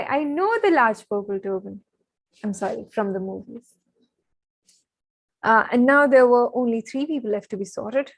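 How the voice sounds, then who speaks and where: A young woman reads a novel to her stream audience. She is chatty and excitable and keeps breaking off with asides and apologies. Her voice is mid-pitched and the sound is close and dry. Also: no echo, poor audio. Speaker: live-stream book reader. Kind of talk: reading a novel aloud on a live stream.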